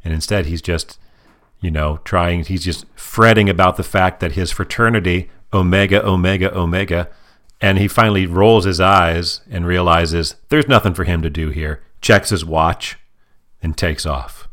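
A man's voice: low-pitched, normal speed, fairly bright tone. A man co-hosting a podcast, chatting casually and explaining jokes in a dry way. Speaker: podcast co-host. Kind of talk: casual chat.

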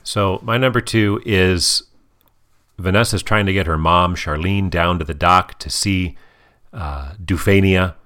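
A man co-hosting a casual family podcast as the dad, telling stories in an animated, playful way. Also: low voice, unhurried. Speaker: podcast co-host and father.

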